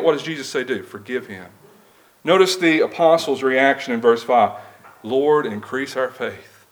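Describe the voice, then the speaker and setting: A man's voice: medium pitch, expressive, moderate pace, low-quality recording. A male preacher giving a sermon, reading scripture aloud and asking the congregation plain rhetorical questions.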